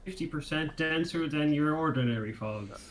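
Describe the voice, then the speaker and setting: A man voicing an odd female adventurer who eats strange mushrooms, in a chirpy, deadpan manner. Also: fairly high pitch, moderate pace, a little hiss or hum, lightly acted, rough recording.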